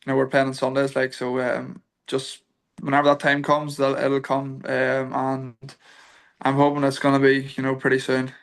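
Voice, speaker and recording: Laid-back young Irish male guest, even steady pitch, chatty and self-restarting. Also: moderate pace. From Ireland. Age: young adult. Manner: easygoing, laughing storyteller with many restarts. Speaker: guest, football kicker. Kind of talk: casual podcast interview.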